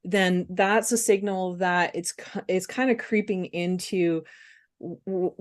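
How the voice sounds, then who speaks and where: A woman speaking candidly as a webinar guest, halting with fillers and restarts. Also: lowish voice, steady tone. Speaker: guest speaker on compassion fatigue. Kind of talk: casual webinar conversation.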